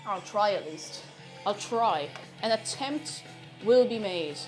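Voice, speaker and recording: A woman's voice: mid-range voice, lively intonation, takes it slowly, a little mellow, soft background music. A young Irish woman chatting casually on a live cooking stream, reading out and answering viewers' messages. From Ireland. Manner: chatty, reads out chat messages.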